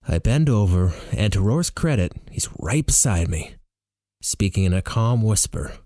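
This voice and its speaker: A man narrating a novel in the first person with an animated, expressive reading. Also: fairly low pitch, normal speed, no echo, studio quality. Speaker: audiobook reader.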